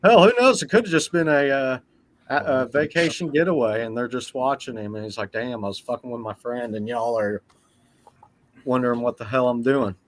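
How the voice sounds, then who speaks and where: A man on a podcast ranting in casual chat, animated and profane. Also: medium pitch, a little fast, a little hiss or hum. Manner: animated, swearing rant. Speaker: podcast co-host.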